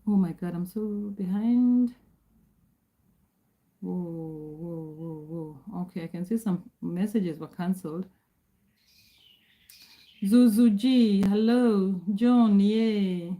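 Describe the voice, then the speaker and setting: A woman in her forties from Kenya, hosting a casual livestream, greeting viewers by name and answering chat in calm, measured speech. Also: mid-range voice, low-quality recording. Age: 40s. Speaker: livestream host.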